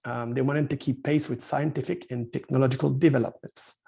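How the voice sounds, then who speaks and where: A man's voice: medium pitch, steady tone, a little fast, gravelly, mellow, husky. A man with a Quebec French accent giving a hesitant webinar presentation over a video call, full of fillers and restarts. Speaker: company founder presenting at an industry seminar.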